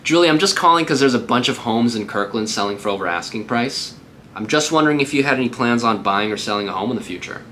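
A man's voice: mid-range voice, lively intonation, quick pace, a bit bright, a little hiss or hum. A man working as a real estate agent, giving a casual, upbeat tutorial on cold calling between live calls.

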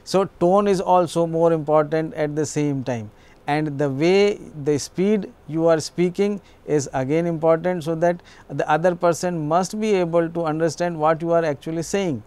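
Smooth-voiced lecturer. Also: male voice, on the high side, moderate pace, a little mellow. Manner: explanatory, repeats himself with small restarts. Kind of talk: educational lecture.

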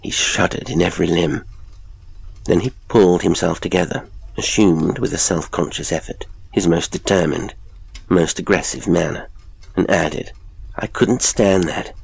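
Male horror audiobook narrator, low and gravelly, measured delivery. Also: steady tone, low-quality recording. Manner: measured, dramatic storytelling. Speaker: podcast narrator.

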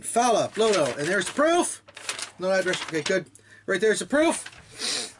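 A man chatting casually while unboxing a gift, rambling and excitable, often laughing. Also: high-pitched, a little slow, pauses often, noisy background. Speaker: toy blaster hobbyist unboxing a gift.

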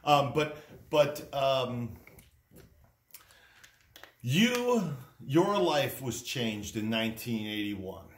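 A man's voice: mid-range voice, sing-song, very slow, pauses often. A man interviewing an older guest in an easygoing, encouraging way. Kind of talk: casual interview. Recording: echoey room with faint noise.

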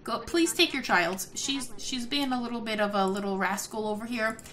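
A woman hosting a let's-play video, giving excitable casual commentary, gasping and laughing often. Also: on the high side, normal speed. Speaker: gaming video host.

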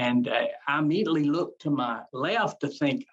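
Gravelly husky-voiced man pastor. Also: a little high, a little fast, few pauses. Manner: earnest, repeats phrases, acts out his own past words. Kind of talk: telling his life story in an interview. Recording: dull lo-fi sound.

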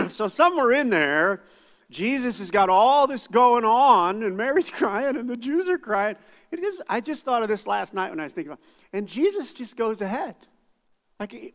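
Man, pastor, casual sermon, high voice, reverberant sanctuary. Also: animated, moderate pace, fairly bright tone. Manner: conversational, self-deprecating preaching with asides. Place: church sanctuary.

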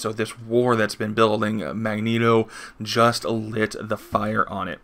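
Gravelly, bright-voiced male comic reviewer. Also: on the low side, level tone, a little slow. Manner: chatty, reads comic dialogue aloud between his own remarks. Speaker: comic book reviewer and host. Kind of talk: casual comic review, reading panels aloud.

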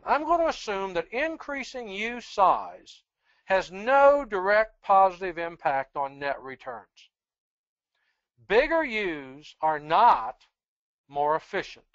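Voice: medium pitch, no echo, dull audio. Plain-spoken speaker giving a dry-sounding lecture. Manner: measured, explanatory, plain-spoken. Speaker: presenter on sheep breeding genetics. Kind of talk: webinar lecture with slides.

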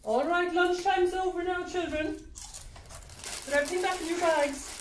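A woman's voice: very high voice, moderate pace. A woman with an Irish accent playing a bossy primary school teacher, sing-song and schoolmarmish. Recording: echoey room from far off, faint noise.

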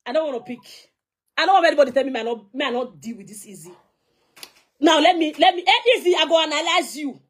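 A young Nigerian woman with a high-pitched voice goes live on her phone to call someone out. She is confrontational and scolding, slipping pidgin into her English. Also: lively intonation, quick pace. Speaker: social media personality. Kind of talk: heated live video rant.

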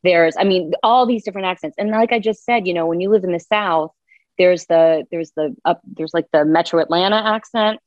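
A woman's voice: fairly low pitch, brisk, dry recording. Chatty woman narrator, dull dry sound. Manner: chatty, laughs easily, trails off in lists. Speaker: audiobook narrator guest. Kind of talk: casual interview chat.

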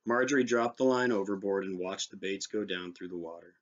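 Male reader, low register, measured literary narration, muffled recording.

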